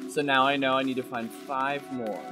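A man commentating his own gameplay, excitable and muttering to himself as he plays. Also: medium pitch, moderate pace, over music. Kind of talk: let's play commentary.

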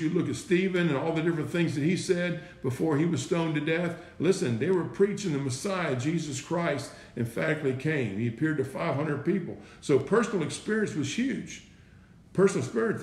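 A man gives a loose, conversational sermon, circling back over his phrases and throwing out rhetorical questions to his listeners. His voice sits a little high for a man. The room around him rings with echo. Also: a little mellow. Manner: repeats himself, asks rhetorical questions, says "right?" and "listen". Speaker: preacher. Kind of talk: informal sermon. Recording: echoey room.

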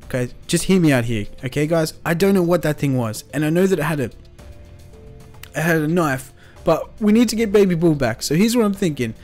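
A man leads a game role-play in a slightly raised voice, eager and slangy as he rallies his friends. Faint music plays softly behind him. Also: on the high side, normal speed. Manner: excitable, slangy, calls friends bro and fam. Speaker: host playing the lead character. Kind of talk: Minecraft role-play acting.

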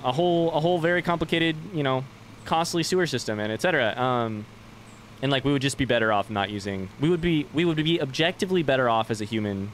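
A man's voice: medium pitch, fairly bright tone, a little hiss or hum. A young man streaming a game live, chatting loosely with viewers and swearing casually as he plays.

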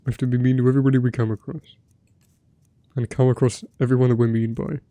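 A man's voice: medium pitch, level tone, quick pace, dark tone, no room sound. A young man casually commenting on his gameplay while streaming, playful and profane.

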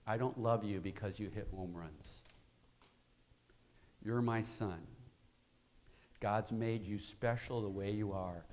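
A man voicing a gentle father who speaks tenderly and quietly to his son, as an acted quote within a sermon story. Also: fairly low pitch, voice pushed down. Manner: soft, tender, hushed.

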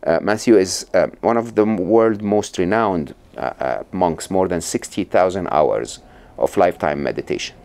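A man's voice: sits low, moderate pace, gravelly, a little mellow. A middle-aged man from Egypt, a podcast guest telling stories and explaining ideas in a conversational interview, with many restarts and check-ins like "right?".

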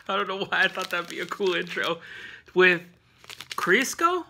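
A man's voice: sits high, sing-song, normal speed, gravelly, sharp tone, slight background noise. A man hosting a casual snack review vlog at home, rambling with lots of fillers and laughing often.

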